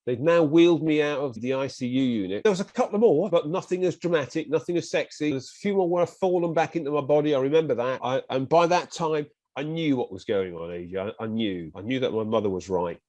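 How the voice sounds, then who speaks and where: An English man with an English accent, speaking at a middle pitch as an interview guest. He tells his own story in a lively, animated way and slips into the voices of the people he quotes. The sound is close and dry, with no room echo. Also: quick pace, few pauses. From England. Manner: animated, acts out quoted speech of others.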